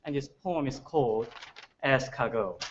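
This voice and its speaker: Slow, animated teenage poet. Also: male voice, medium pitch, lo-fi sound, very noisy. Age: teens. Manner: playful, deliberate recitation. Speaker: student poet. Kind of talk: slam poetry performance.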